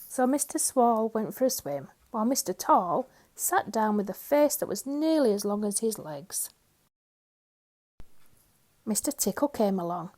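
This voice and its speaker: A woman storyteller reading a children's picture book aloud, gentle and expressive. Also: medium pitch, a little slow.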